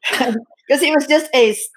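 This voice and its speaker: A middle-aged woman tells her story as an interview guest, candid and animated. She speaks frankly and breaks in with blunt humor. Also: sits high, slow pace. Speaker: guest, bereaved mother and physician.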